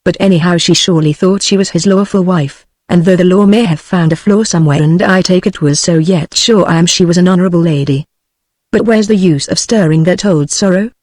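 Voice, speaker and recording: A British woman text-to-speech voice reading the part of a kindly, motherly old housekeeper in a flat, unchanged delivery. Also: on the low side, fairly quick, no echo, clean studio sound, natural voice. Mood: coaxing. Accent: British English. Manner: plain synthetic reading, no change of voice.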